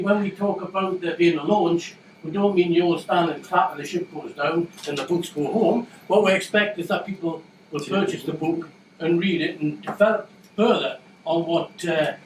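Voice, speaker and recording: Man, event host, rambling and jokey, distant mic, faint noise behind. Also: high voice. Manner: rambling, jokey, many restarts. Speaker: host of a book launch. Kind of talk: casual public remarks. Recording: echoey room from far off.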